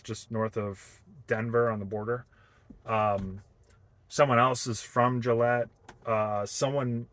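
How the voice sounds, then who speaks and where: A young man from Boston in a casual, reflective vlog, talking haltingly with many fillers and restarts. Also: medium pitch, fairly bright tone, no room sound. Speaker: vlogger.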